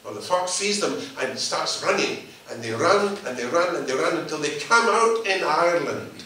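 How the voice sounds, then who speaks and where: A man telling a folk tale out loud, lively and animated. His voice is a touch high and bright. He sits well back from the mic in an echoing room with a faint hum of ambience. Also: normal speed. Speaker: storyteller. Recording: echoey room, mic far off.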